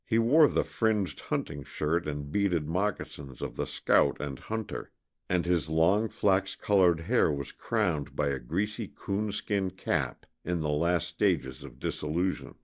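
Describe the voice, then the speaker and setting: A male audiobook narrator with a very low voice, reading a historical adventure with dramatic expression. His pitch moves in a lively, animated way through the prose. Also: measured pace. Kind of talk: scripted narration of a historical novel.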